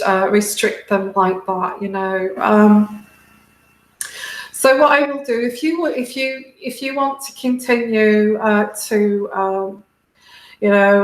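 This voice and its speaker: A British woman hosting a tarot livestream, talking halting and heartfelt to her viewers, close to tears. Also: medium pitch, roomy sound, poor audio. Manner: halting, many restarts and fillers, heartfelt. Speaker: tarot reader and livestream host. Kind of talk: casual livestream talk to viewers.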